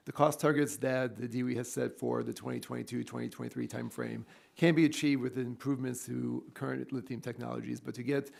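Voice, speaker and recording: Fast, gravelly male witness giving fluent technical testimony. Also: medium pitch, steady tone, a little mellow. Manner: fluent, technical, measured answers. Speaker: expert witness. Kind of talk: hearing testimony.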